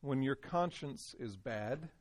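A man's voice: mid-range voice, animated, takes it slowly. Man leading a Bible study with questions. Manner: conversational, poses questions to the group. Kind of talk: interactive Bible teaching to a small group.

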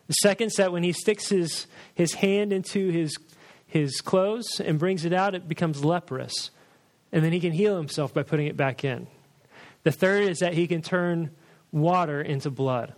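A male preacher retelling a story in a sermon, lively and acting out the dialogue. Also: fairly high pitch, normal speed.

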